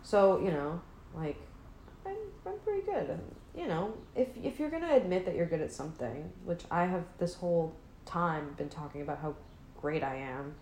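A woman's voice: low-pitched, lively intonation, normal speed, darkish tone. A young adult woman hosting a podcast alone, chatting casually and rambling in a joking, self-mocking way. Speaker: podcast host. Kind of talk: casual solo chat. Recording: roomy with faint hiss.

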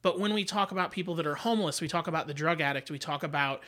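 Bright-voiced earnest man chatting. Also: fairly high pitch, very fast. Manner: earnest, reflective, laughs often. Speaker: podcast co-host. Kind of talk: casual chat.

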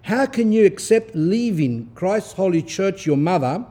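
A man giving a sermon, reading a text aloud in a stern, forceful way and stopping to explain it in asides. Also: high-pitched, lively intonation, measured pace, husky. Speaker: Orthodox priest giving a talk.

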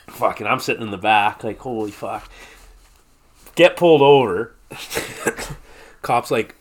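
A man's voice: mid-range voice, expressive, drawn-out words, long pauses, breathy edge. A man in his thirties, a podcast guest, telling a long rambling story in casual chat and swearing freely. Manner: rambling, heavy swearing, laughs through the story.

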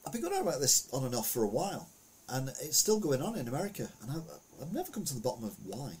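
A man's voice: medium pitch, huge pitch swings, fast, husky. A man giving a casual, rambling commentary on the week's news, full of anecdotes and asides.

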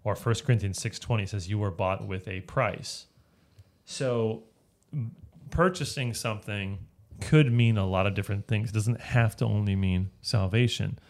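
Leading an informal Bible study, a man with a fairly low voice explains a passage piece by piece at a moderate pace, often pausing to ask "right?".

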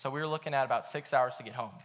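A man's voice: mid-range voice, very fast, fairly bright tone. A young man giving a casual sermon at church, telling a story in a chatty way with lots of fillers. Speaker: pastor. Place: church hall.

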